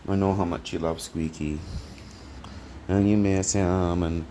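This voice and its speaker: A man with a low, deep voice and a Canadian accent talks to a handheld camera in a small apartment kitchen. He rambles and halts, trails off with fillers, and speaks fondly in pet names. There is a faint hiss of noise behind him. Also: steady tone, mellow. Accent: Canadian English. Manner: halting, full of fillers and trailing restarts; affectionate, talks in pet names to an absent listener and his cat. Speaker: vlogger. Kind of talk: rambling home vlog talk to camera.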